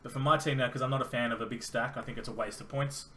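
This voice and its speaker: Bright-voiced Australian man. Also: medium pitch, fairly even intonation, fast. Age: young adult. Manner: chatty, explains his reasoning. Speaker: podcast co-host. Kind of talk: casual fantasy football chat. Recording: faint background noise.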